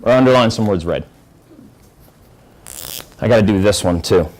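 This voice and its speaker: A man's voice: on the low side, moderate pace, poor audio. A man teaching an English class, explaining and asking students questions. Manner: lively, asks the class questions. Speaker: high school English teacher.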